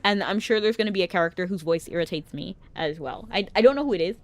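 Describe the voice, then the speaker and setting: A woman's voice: fairly low pitch, quick pace, dry recording. A young adult woman streaming a game, chatting casually, often giggling and rambling between read-out dialogue.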